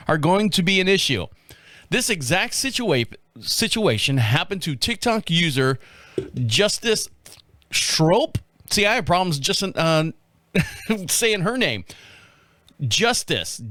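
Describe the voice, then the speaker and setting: Guy hosting a podcast, high bright voice, crude jokey riffing, dry close mic. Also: no room sound. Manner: joking, crude, laughs at his own remarks. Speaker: podcast host. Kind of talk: casual comedic commentary.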